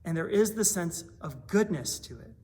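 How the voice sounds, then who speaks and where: A man's voice: high voice, expressive, moderate pace, darkish tone. A man preaching a sermon in a small church, earnest and conversational, building to stronger emphasis. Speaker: pastor.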